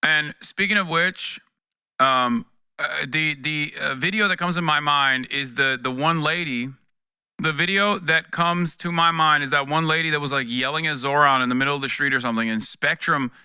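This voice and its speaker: A man's voice: a little high, moderate pace, bright, forceful tone, clear, resonant tone, dry recording, studio quality. A man streaming casual political commentary, talking with a profane, exasperated edge in bursts with restarts, to his chat.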